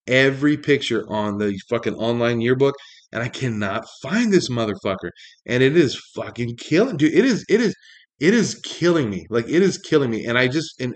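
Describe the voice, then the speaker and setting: A man ranting casually in a monologue, exasperated and profane, rambling with many fillers. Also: medium pitch.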